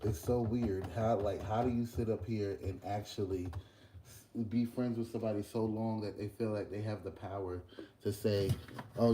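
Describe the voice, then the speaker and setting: A young man, chatting casually in a vlog while cooking breakfast at work, telling an animated story. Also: fairly low pitch, a little hiss or hum. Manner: animated ranting storyteller, loose and conversational. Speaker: vlogger and podcast host. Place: workplace kitchen.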